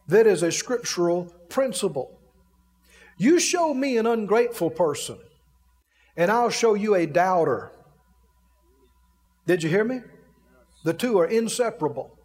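A man delivers a sermon in a lively, playful manner, stopping to laugh now and then. His voice sits fairly high for a man. A long reverb hangs behind him, as in a large hall. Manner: playful, mimics grumbling, laughs often. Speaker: preacher.

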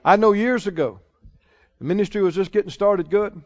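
High-voiced preacher man, lo-fi sound. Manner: drawn-out emphatic phrasing, chuckles often. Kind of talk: sermon. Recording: dull lo-fi sound.

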